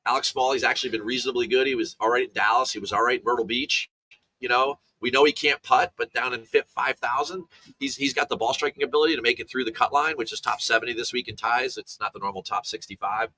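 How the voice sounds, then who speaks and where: A man's voice: mid-range voice, fairly even intonation, fast talker, bright, forceful tone, dry recording. A man analyzing golf for betting in a casual chat, telling rambling stories full of restarts and asides.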